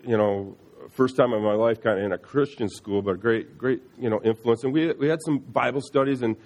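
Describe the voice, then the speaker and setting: A middle-aged man with a husky, slightly breathy voice tells his personal faith story at an ordinary, mid-range pitch. He speaks earnestly and haltingly, with frequent restarts and repeated words. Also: darkish tone. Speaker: speaker sharing a personal testimony.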